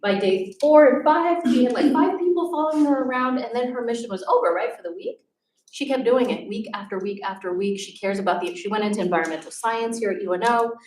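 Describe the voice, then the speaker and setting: A woman who used to teach, telling lively classroom stories to an audience and acting out her students' voices. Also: on the high side, fast talker, slight background noise. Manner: animated, acts out students' voices. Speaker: former teacher giving a talk. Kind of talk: storytelling talk to an audience. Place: event hall. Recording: roomy, distant from the mic.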